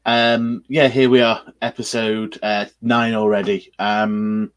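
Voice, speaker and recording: Low-voiced male co-host, halting and hesitant, casual podcast talk. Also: level tone, clear, resonant tone. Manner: halting, with many fillers.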